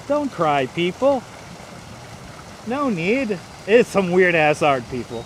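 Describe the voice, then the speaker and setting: A man's voice: high voice, sing-song, slow pace, slight background noise. A man hosting a walking livestream outdoors on a city park walkway, joking with viewers, thanking them by name and breaking into playful singing, on a clip-on wireless mic. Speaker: livestream host. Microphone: wireless clip-on mic, phone on gimbal.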